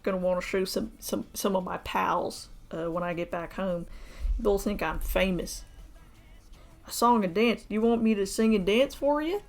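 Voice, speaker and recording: Lady putting on a cussing old war vet uncle, deadpan bragging, voice sits mid-range, soft music underneath. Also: mid-range voice, moderate pace, close to an everyday voice. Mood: folksy. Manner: rambling, crude, deadpan bragging. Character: old retired male war-veteran uncle, gruff and folksy. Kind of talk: live-streamed model kit build, in character.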